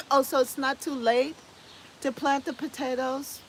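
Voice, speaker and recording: A woman's voice: high-pitched, measured pace, fairly bright tone, slight background noise. A woman from the US hosting a casual gardening live stream, reading viewer comments aloud and chatting back with easy laughs. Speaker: host reading live chat.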